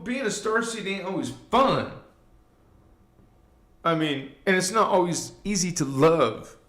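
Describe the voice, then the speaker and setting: A man's voice: on the high side, a bit bright, reverberant. A man hosting a live spiritual talk, rambling loosely with many fillers and speaking straight to his viewers. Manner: loose, meandering, frequent fillers and asides; addresses viewers directly and preachy. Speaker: livestream host.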